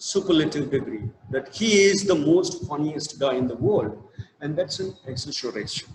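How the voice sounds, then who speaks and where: A man with an Indian English accent teaching an English literature class, with many fillers and restarts. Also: fairly high pitch. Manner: slow stressed reading of verse. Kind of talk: online lecture. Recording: echoey room with long reverb, faint noise.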